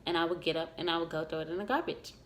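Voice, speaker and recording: A woman's voice: deep voice, fairly even intonation, rapid-fire, a bit bright, a little hiss or hum. Young woman telling a rambling story. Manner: emotional, rambling storytelling with many restarts. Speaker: vlogger. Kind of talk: story time vlog.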